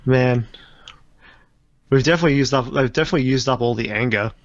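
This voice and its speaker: A man's voice: mid-range voice, quick pace, dry recording, dull audio. A man co-hosting a casual comedy podcast, rambling through a story with frequent laughs and restarts. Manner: rambling, laughs often, trails off mid-sentence. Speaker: podcast co-host.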